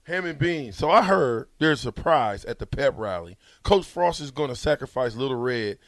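A man's voice: medium pitch, animated, normal speed, no room sound, studio quality. A man hosting a sports radio show, teasing his co-hosts with slangy, laughing banter.

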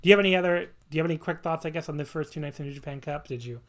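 A man's voice: on the high side, racing, fairly bright tone. A man hosting a podcast in casual chat, rambling and enthusiastic, laughing and swearing as he talks. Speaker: podcast host.

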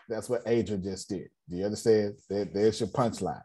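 A man's voice: fairly low pitch, normal speed, hardly any pauses, mellow, slightly rough. A man coaching an online business meeting in a blunt, joking way, repeating his phrases with a preacher-like rhythm. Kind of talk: animated motivational talk.

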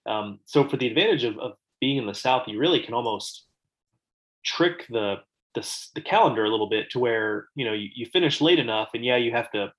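A man's voice: medium pitch, expressive, a little fast, fairly bright tone, low-quality recording. A man co-hosting a sports podcast while sick with a cold, so his voice sounds nasal, talking in a rambling, conversational way. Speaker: podcast co-host. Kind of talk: casual podcast chat.

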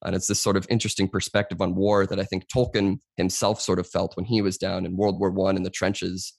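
A man's voice: sits low, flat delivery, fairly quick, vocal fry, dry recording, clean studio sound. A young man speaking as a podcast guest, explaining at length in a casual conversation and often saying "you know".

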